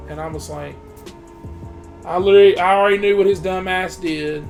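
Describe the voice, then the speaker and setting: A man's voice: sits high, brisk, darkish tone, soft background music. A man reviewing a movie in a heated, profane rant, talking straight to his viewers. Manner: heated, swears heavily, talks straight to viewers. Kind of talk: profane ranting monologue.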